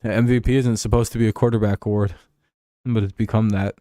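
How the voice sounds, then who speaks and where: A man's voice: lowish voice, little pitch movement, fast, warm tone, no room sound. Profane, rambling man with a dry voice. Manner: profane, rambling, chuckling, answering chat. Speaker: streamer. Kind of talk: casual livestream sports chat.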